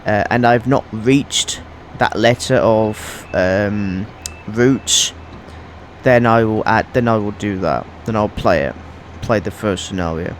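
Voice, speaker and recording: A man's voice: on the low side, slow, slight background noise. A man giving casual gameplay commentary as a YouTuber, often restarting his sentences and wandering into asides. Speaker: gaming YouTuber.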